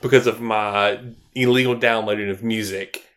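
A man in his thirties co-hosting a casual podcast, telling stories and jumping high in pitch when he quotes people. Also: moderate pace. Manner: animated storytelling, jumps high when quoting people. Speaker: podcast co-host. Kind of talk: casual chat.

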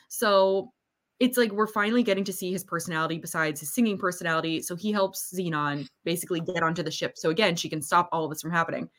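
A woman's voice: on the low side, a bit bright. A woman co-hosting a podcast, chatting casually about a movie and acting out scenes in a playful way. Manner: playful, acts out scenes in quotes. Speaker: podcast co-host. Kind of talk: casual movie recap chat.

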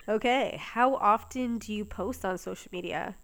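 A woman's voice: mid-range voice, takes it slowly, a bit bright. A woman co-hosting a podcast in casual chat, talkative, laughing often and swearing casually. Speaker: podcast co-host.

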